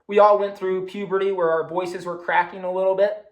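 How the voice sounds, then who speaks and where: A man's voice: high-pitched, flat delivery, brisk, lo-fi sound. Casual man demonstrating turkey calls, echoey room. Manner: casual, explains with hands-on calling demos. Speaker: hunting presenter. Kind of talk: recorded demonstration talk.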